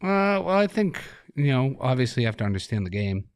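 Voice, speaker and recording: A man's voice: mid-range voice, sing-song, a little fast, smooth, no room sound, studio quality. A man, a hockey coach talking in an interview, laid-back and rambling, laughing as he tells stories. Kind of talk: relaxed interview talk.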